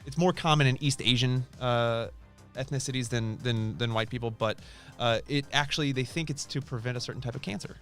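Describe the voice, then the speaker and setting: A man's voice: mid-range voice, fairly quick, a bit bright, soft background music. A man co-hosting a casual live-stream podcast, explaining ideas with lots of restarts and fillers, recorded on a studio mic. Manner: chatty, explains with many restarts. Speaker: podcast co-host.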